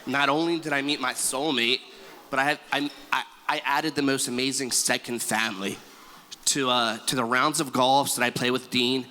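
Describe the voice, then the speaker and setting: Man, groom's speech, bright voice, calls out to guests, hall echo. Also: medium pitch, steady tone, moderate pace, slight background noise. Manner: exuberant, stumbling, calls out to the room. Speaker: groom giving a thank-you speech. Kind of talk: wedding speech. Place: wedding reception hall. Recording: echoey hall with faint ambience.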